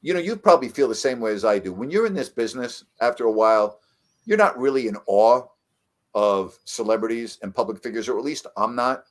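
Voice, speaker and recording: A middle-aged man with a mid-range voice spins broadcasting stories in a relaxed chat. He is animated, pushing his voice up sharply when he hits a punchline or a key moment. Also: medium pitch, a little fast. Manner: animated storyteller, voice jumps up for emphasis. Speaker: veteran sports broadcaster, guest. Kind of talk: casual storytelling chat.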